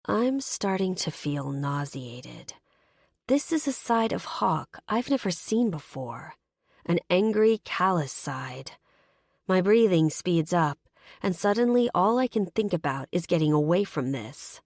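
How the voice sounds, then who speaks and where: A woman narrating a first-person audiobook in a steady, measured reading voice. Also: on the low side, gravelly, no echo, studio quality.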